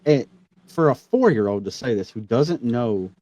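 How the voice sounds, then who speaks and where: A man hosting a casual conversation, telling a personal story in an earnest way that grows animated as he retells events. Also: mid-range voice, moderate pace. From Missouri. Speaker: podcast host. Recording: slightly dull, lo-fi audio.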